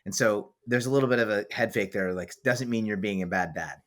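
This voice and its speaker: A man with a somewhat low voice and a bright, forceful edge, hosting a podcast in casual conversation. He coaches and talks bluntly and emphatically, and he does not shy from a swear word. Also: fairly quick. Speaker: podcast host and author.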